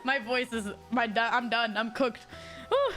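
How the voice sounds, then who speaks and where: A woman streamer giving excitable, giggly commentary while playing a story game. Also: a little high, normal speed, soft background music. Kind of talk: game let's play commentary.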